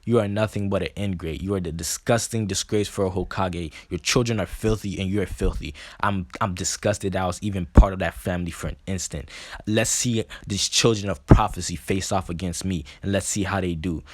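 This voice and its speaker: A man's voice: sits low, brisk, no room sound. Naruto, a man voicing a scornful young ninja. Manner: contemptuous insults in a flat retelling. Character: scornful young male ninja, cold and vengeful.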